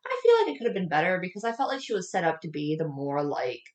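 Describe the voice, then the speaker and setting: A woman co-hosting a casual movie review podcast, chatty and lively, walking through scenes with lots of fillers. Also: fairly low pitch, fast talker, reverberant. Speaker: podcast co-host.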